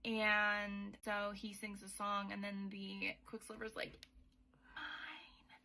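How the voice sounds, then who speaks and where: A woman's voice: medium pitch, completely flat delivery, takes it slowly, sharp tone. A young woman hosting a podcast, recapping a book in a chatty, sweary way with sarcastic asides. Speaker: podcast host.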